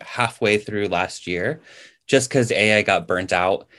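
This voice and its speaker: A man speaking as a podcast guest over a video call, relaxed and rambling, with many ums and likes. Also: fairly low pitch, a little slow. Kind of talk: casual interview chat.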